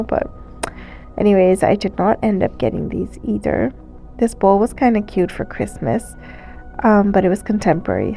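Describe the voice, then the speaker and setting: A woman narrates a shopping vlog in a chatty, relaxed voice-over, her nose a little stuffy. Her voice is warm and a touch gravelly. Soft music plays underneath. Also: mid-range voice. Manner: chatty, relaxed, with fillers and small laughs. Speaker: thrift vlogger. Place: recorded voice-over.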